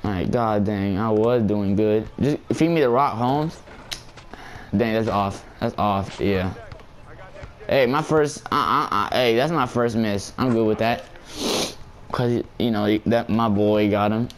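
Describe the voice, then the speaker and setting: A man's voice: fairly low pitch, a little slow, a little hiss or hum. A young man casually commenting on his basketball game for viewers, laughing often and talking in slang. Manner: giggly, excitable, slangy. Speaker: gameplay YouTuber.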